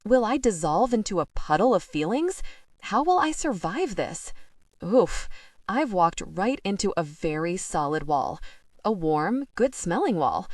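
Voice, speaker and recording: A woman reading a first-person audiobook with expressive, lively narration. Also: medium pitch, a little slow, dry recording, studio quality.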